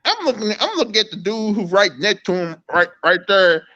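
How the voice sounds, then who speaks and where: A man's voice: sits high, big pitch swings, moderate pace, pushed and bright. A man co-hosting a casual commentary chat, joking and mocking. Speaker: co-host. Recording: dull lo-fi audio.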